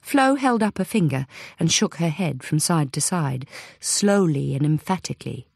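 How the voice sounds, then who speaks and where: A woman reads an audiobook in a measured, even way. Her voice sits low. The recording is close and dry. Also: creaky, slightly rough, dry recording. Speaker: audiobook narrator. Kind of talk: audiobook narration.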